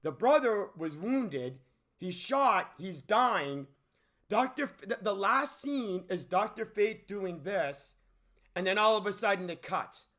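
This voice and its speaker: A man's voice: high voice, animated, slow, fairly bright tone. A man hosting a movie commentary channel in an unscripted rant, rambling and restarting his sentences, asking incredulous questions. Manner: rambling, with many restarts and stammers.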